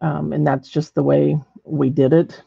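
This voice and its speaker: Gravelly, husky woman teaching painting. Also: low voice, level tone, unhurried, dark tone, dry recording, muffled recording. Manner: chatty, thinks aloud while working, many ums. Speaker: ceramics painting instructor. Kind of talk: live painting demonstration.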